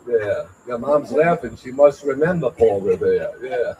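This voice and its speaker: Halting, slow-talking man doing stand-up. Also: mid-range voice, muffled recording, background noise. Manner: halting, stammering delivery with fillers and self-laughs. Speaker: stand-up comedian. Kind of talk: open-mic stand-up routine. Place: small venue at an open mic night.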